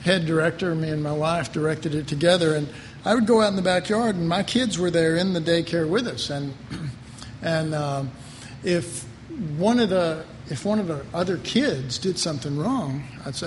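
A man's voice: a little high, moderate pace. A middle-aged man preaching a sermon in a rambling, conversational way, often repeating his words. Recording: reverberant hall, faint ambient noise.

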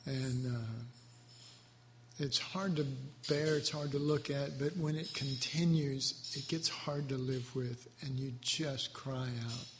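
A man giving devotional Bible teaching in a tender, halting, emotionally moved way. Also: medium pitch, fairly even intonation. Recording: echoey hall with faint background noise.

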